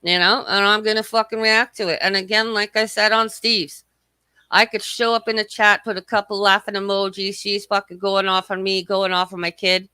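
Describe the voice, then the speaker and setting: A woman rants on her livestream in a bright, forceful voice, heated and sarcastic, swearing freely. The sound is dry and close, with no room echo. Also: medium pitch, level tone, moderate pace, smooth. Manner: profane, heated, sarcastic ranting. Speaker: livestream host. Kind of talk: ranting livestream commentary. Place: at home.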